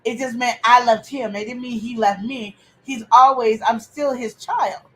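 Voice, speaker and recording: A woman hosts a casual family chat. She is opinionated and animated, her somewhat high voice rising into preachy outbursts. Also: normal speed, a little hiss or hum, poor audio. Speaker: podcast host.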